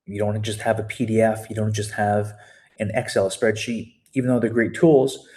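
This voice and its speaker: A man's voice: on the low side, warm tone. A man, a fitness coach, giving a casual walkthrough, often repeating words and restarting his phrases.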